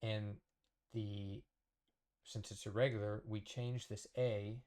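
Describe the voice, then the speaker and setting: A man teaching a casual lesson at a whiteboard, explaining slowly and patiently, often checking with "okay?". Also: fairly low pitch, little pitch movement, darkish tone. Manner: slow, patient explaining with fillers and repeated checks. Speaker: Spanish teacher.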